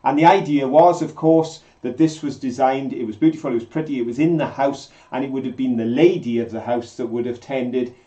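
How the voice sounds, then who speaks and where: A man co-hosts a live stream in a chatty, jokey, enthusiastic style, his medium-pitched voice dark in tone. He talks fairly quickly with few pauses, and the recording has a slightly dull lo-fi sound.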